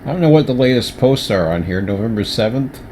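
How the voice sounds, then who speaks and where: A man's voice: medium pitch, animated, a little fast, a little mellow, slight background noise. A man chatting casually on a livestream, rambling with many restarts and fillers, at times with his mouth full. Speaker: streamer.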